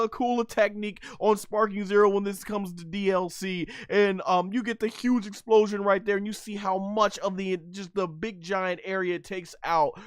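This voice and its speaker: A man reviewing an anime episode as he watches, hyped up, acting out the characters' shouts and stumbling through plenty of fillers. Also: extremely high pitch, clean tone, no room sound, clean studio sound. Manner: animated, acts out characters' lines, many fillers. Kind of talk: excited anime episode commentary.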